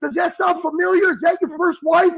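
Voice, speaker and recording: A man hosting a live call-in stream, mocking and taunting his caller, at times shouting like a mock preacher. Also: extremely high pitch, fairly even intonation, brisk, vocal fry, poor audio. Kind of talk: heckling call-in stream chat.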